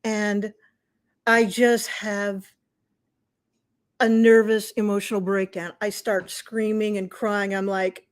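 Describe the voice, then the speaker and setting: A middle-aged woman hosting a live stream, telling a personal story in a chatty, animated way and acting out what people said. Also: slow, pauses often, clean tone. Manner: chatty, animated, acts out quotes in high wailing voices. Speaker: host.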